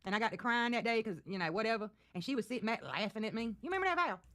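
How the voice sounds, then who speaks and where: A woman's voice: on the high side, expressive, rapid-fire, fairly bright tone. A woman on a livestream, taunting and gloating while swearing freely. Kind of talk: casual livestream talk.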